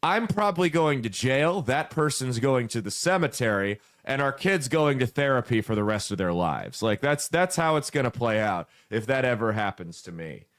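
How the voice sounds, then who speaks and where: A man in his thirties hosts a casual podcast, telling stories in a brash, crude, joking way. His voice sits in an ordinary middle pitch. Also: big pitch swings, normal speed, hardly any pauses, a bit bright. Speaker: podcast host.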